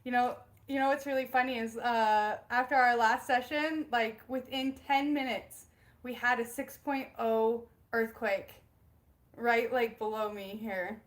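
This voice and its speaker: A woman's voice: a little high, fairly even intonation, unhurried. A young woman hosting a casual spiritual livestream from home, bubbly and giggly as she greets viewers by name. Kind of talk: casual live-stream chat.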